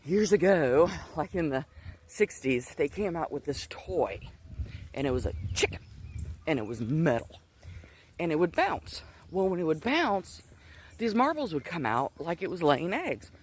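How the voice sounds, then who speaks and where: Middle-aged man, slightly higher voice, a bit winded, rambling storyteller, faint country ambience behind. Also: sing-song, measured pace, a little hiss or hum. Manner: rambling, digressive storytelling with many restarts. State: slightly out of breath. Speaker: Christian vlogger. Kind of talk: casual personal testimony. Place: outdoors, walking.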